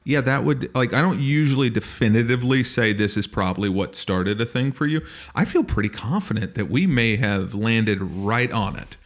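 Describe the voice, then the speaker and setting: An animated man spinning a funny story on a podcast. His pitch swings widely as he jumps into other people's voices. He talks casually, like he is chatting with a friend. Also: moderate pace, few pauses. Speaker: podcast co-host.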